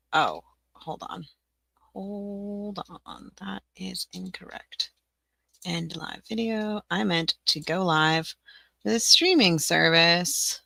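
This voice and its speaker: Flustered woman on a livestream, bright voice with lots of fry, muttering to herself and saying sorry a lot. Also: lowish voice, dry recording. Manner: flustered, apologetic, talking to herself; laughs often. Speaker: livestream host for teaching-resource sellers. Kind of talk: casual livestream chat.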